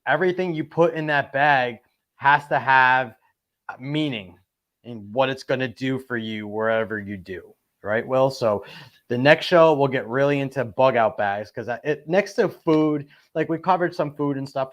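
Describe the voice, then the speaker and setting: Male host, mid pitch, halting casual chat, muffled lo-fi audio. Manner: loose, halting, asks for agreement. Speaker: podcast host. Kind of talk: casual podcast talk. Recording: dull lo-fi sound.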